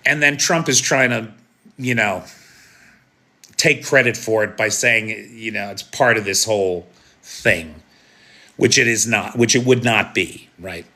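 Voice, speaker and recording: A man's voice: fairly low pitch, a little slow, bright, forceful tone. An American man giving live, opinionated news commentary in a conversational way, often asking "right?". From United States.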